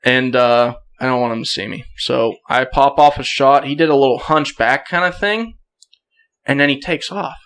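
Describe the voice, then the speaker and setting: A young man on a podcast telling a story casually, acting out quotes with bursts of excitement and frequent laughs. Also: mid-range voice, normal speed, smooth. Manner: animated, acts out quotes, laughs often. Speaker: podcast guest.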